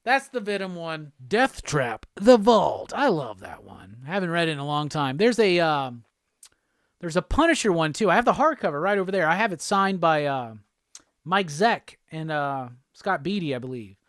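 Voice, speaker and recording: A man hosting a live pop culture stream, chatting casually and reading viewer comments aloud with quick laughs. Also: on the high side, big pitch swings, a bit bright, no echo, clean studio sound. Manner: laid-back, chatty, quick laughs, reads chat aloud.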